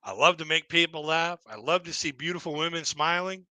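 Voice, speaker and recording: Bright, rambling male stand-up storyteller. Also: on the high side, animated, fairly quick, dry recording, rough recording. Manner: rambling, repeats himself, acts out other people in raised voices. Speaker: stand-up comedian. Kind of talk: storytelling stand-up on a live stream. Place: at home, live streaming.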